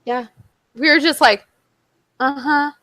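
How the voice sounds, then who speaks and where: A young woman co-hosting a podcast in casual chat, telling stories in an animated way and acting out what people said. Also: sits high, slow. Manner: animated storytelling, acts out quotes. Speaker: podcast co-host.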